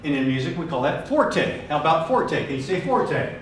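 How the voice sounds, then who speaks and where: Man, workshop leader, lively pitch and a slightly high voice, encouraging and patient with a group, caught on a distant mic in an echoey, noisy room. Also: normal speed. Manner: encouraging, asks the group questions, repeats praise. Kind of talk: hands-on group music lesson. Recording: echoey room from far off, background noise.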